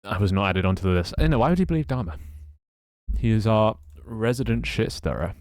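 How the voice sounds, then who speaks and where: A man's voice: lowish voice, lively intonation, brisk, a little mellow, dry recording, studio quality. A British man streaming live, muttering and swearing at his code between casual chats with his viewers. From Britain. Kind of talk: casual live-stream chat while coding.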